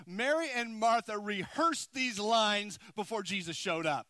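A man preaching a sermon as pastor, swinging between loud emphasis and hushed intensity, repeating words and checking in with his congregation. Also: sits high, a little slow, dry recording.

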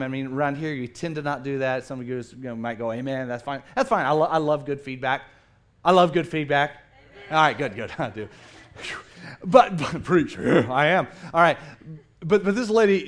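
A middle-aged man preaching a sermon in a church, playful and animated, acting out the people he quotes. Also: fairly high pitch. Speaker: pastor. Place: church sanctuary.

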